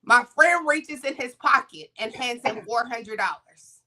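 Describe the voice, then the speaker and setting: A woman co-hosting a morning talk show, telling a story in a casual, animated way and acting out the people in it. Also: on the high side, a little slow. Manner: animated, acts out the people in her stories.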